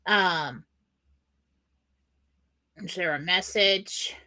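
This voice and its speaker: A woman's voice: fairly low pitch, very slow, bright, forceful tone. A woman on a live show giving psychic readings in a chatty, loose way. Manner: chatty, lots of fillers and restarts. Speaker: psychic reader. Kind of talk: casual live show chat.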